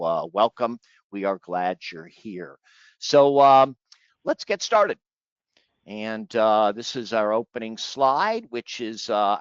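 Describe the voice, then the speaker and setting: A man's voice: fairly low pitch, no echo, dull audio. A man hosting a webinar, chatty and joking, with lots of fillers, on a video call. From Florida. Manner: jokey, chatty, with many fillers. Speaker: webinar host.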